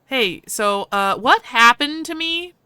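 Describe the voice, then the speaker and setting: A woman's voice: on the high side, lively intonation, slow, bright, forceful tone, smooth, no echo, voice pushed up, full character voice. A woman playing a flustered, sarcastic young man. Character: confused, sarcastic young human man, amnesiac.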